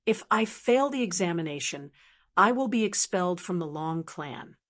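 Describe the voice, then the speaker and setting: A woman's voice: lowish voice, expressive, normal speed, a bit bright. Woman reading as a cold sneering clan rival. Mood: scornful. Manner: sneering, threatening. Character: cold, menacing young male clan rival.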